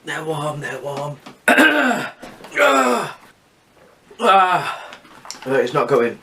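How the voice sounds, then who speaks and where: A woman, groaning and pleading while in pain during a food challenge vlog. She talks very slowly in a middle-pitched voice. The mic sits at some distance, with faint background noise. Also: sing-song, pushed and bright.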